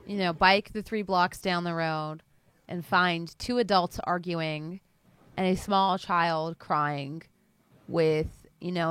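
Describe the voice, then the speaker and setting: A woman's voice: lowish voice, fairly bright tone, smooth, no echo. A woman running a tabletop game as game master, narrating playfully and laughing along with her players.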